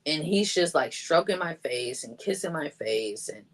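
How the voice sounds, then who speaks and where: A woman's voice: low-pitched, animated, moderate pace. A woman telling her own story as a guest, chatty, with many "like" fillers, raising her voice when she acts out what others said. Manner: chatty, acts out quoted lines in a raised voice; heavy use of "like" fillers. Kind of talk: personal storytelling.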